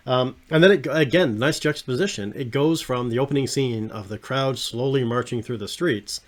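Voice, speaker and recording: A man hosting a podcast, talking casually and enthusiastically about an animated series, often trailing off quietly at the ends of phrases. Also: mid-range voice. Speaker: podcast host.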